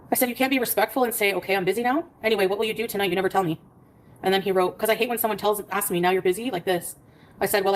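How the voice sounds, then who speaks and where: Fast-talking woman reading out her messages. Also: mid-range voice, poor audio. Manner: rapid storytelling, reading out text messages. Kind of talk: casual livestream chat.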